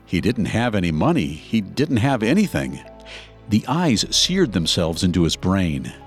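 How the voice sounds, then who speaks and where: A man with a very low but lively, animated voice narrates a true story in scripted podcast style. He tells it expressively and dramatically. Faint music sits underneath. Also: a little slow.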